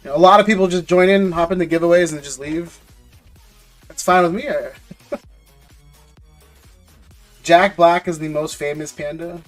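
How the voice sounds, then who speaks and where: High-voiced joking man streaming live. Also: fairly even intonation, moderate pace, pauses often, soft background music. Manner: loose, joking, slangy, repeats words. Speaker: live-stream host opening trading card packs. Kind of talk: casual live-stream chat with viewers.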